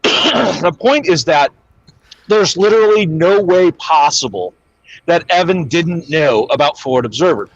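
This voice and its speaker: A man speaking as a guest in a casual chat, steady and earnest, often restarting his sentences. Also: on the high side, a little slow, no echo. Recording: dull, dry remote line.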